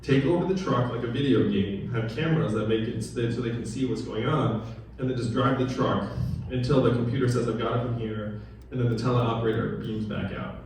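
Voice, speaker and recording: A man's voice: mid-range voice, fairly quick, a little mellow, distant mic, a little hiss or hum. A man giving a campaign speech at a town hall gathering, talking conversationally and quizzing the audience with questions. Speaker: political candidate. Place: large echoey room at a political gathering. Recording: very echoey room recorded from afar.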